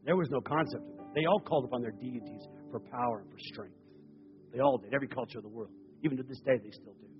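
A man preaching a sermon, telling stories in an animated way that swings between loud passages and hushed ones. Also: mid-range voice, fast talker, long reverb tail, muffled recording, soft background music.

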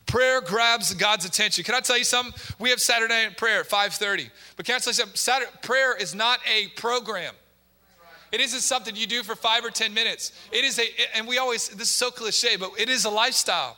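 A male pastor in full sermon mode, preaching with emphasis and repetition and firing questions at the congregation. His voice sits high and sounds very bright and forceful. Long church reverb trails behind every phrase. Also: fast. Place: church sanctuary.

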